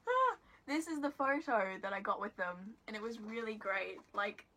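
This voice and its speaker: Bright-voiced giggly woman vlogger. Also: mid-range voice, animated, unhurried, a little hiss or hum. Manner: giggly, rambling, self-deprecating, lots of "like". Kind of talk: casual storytelling vlog. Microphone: phone camera.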